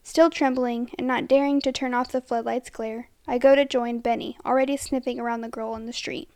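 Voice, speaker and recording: A woman with a high, slightly gravelly voice reads a first-person horror story aloud. Her delivery is steady and dramatic, and at times she drops to a hushed tone. The sound is dry and close. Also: fairly quick, no room sound.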